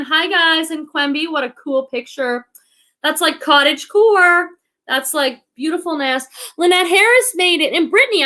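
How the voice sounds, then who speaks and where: A woman's voice: high-pitched, sharp tone. A woman in her forties hosting a casual live stream, chatting and reading out viewer comments, thinking aloud with many restarts. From Boston area, USA. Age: 40s. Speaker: reselling livestream host.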